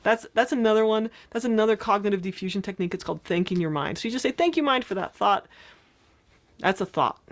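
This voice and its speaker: A woman's voice: medium pitch, quick pace. A woman therapist talking casually as she explains thought exercises, often checking in with "right?" along the way.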